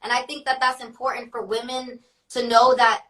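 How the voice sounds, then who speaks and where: A woman's voice: fairly high pitch, little pitch movement, normal speed, a bit bright, distant mic, low-quality recording. A young woman talking casually as an interview guest, chatty and full of "like" fillers, often laughing. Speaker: guest, rapper.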